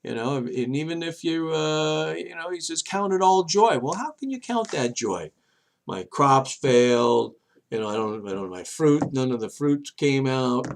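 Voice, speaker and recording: A man hosting his own show, giving a rambling, halting religious monologue, dropping soft low asides between loud emphatic bursts. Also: expressive, a little hiss or hum. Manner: rambling, halting, many restarts and fillers. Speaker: show host.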